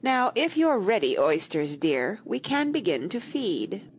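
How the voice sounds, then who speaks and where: A woman's voice: mid-range voice, big pitch swings, a little slow, a little hiss or hum. Woman reading as a sly, sweet-talking walrus. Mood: sweetly sly. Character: smug, sentimental old walrus, gluttonous.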